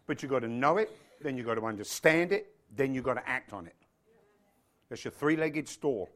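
A man's voice: mid-range voice, expressive, moderate pace, fairly bright tone. A male pastor preaching a sermon to his congregation, fervent and emphatic, often asking the listeners questions. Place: church.

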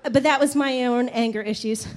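A woman preaching a sermon, telling a personal story in a lively voice, laughing often and acting out the people she describes. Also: fairly high pitch, normal speed. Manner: animated, laughing, acts out the people in her stories.

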